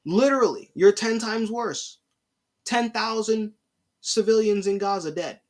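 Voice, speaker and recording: A man's voice: high-pitched, measured pace. A young man hosting a solo opinion podcast, exasperated and casual, with slangy talk and repeated lines. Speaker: podcast host.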